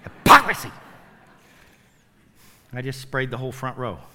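High, bright-voiced preacher with wide swings. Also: male voice, sing-song, a little slow, in a large hall, slight background noise. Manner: dramatic swings from loud to hushed; playful asides to the congregation. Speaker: pastor. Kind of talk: sermon. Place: church sanctuary.

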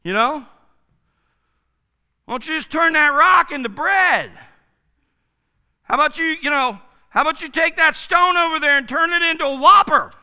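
A preacher doing a sly, wheedling devil. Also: male voice, very high voice, moderate pace, long pauses, sharp tone, pitched above the performer's own voice, heavily acted. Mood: coaxing. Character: sly, coaxing male devil tempter.

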